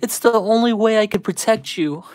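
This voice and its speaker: A man's voice: sits high, moderate pace, a little mellow, pitched above the performer's own voice, lightly acted. A man putting on the voice of an earnest boy trainer pleading with his pet, retelling a cartoon scene.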